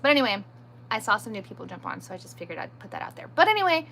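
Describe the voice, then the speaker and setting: A woman's voice: fairly high pitch, sing-song, very fast, gravelly, fairly bright tone, slight background noise. A woman hosting a live stream in casual chat, answering viewer comments and poking fun at herself, firm with pushy viewers. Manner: chatty, answers viewer comments as they come; self-deprecating.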